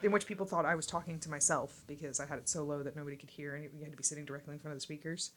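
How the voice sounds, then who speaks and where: Chatty woman podcaster, slightly low voice. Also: fairly even intonation, racing, fairly bright tone, slight background noise. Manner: chatty, laughs often, swears casually. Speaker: podcast co-host. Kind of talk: casual chat. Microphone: studio mic at desk.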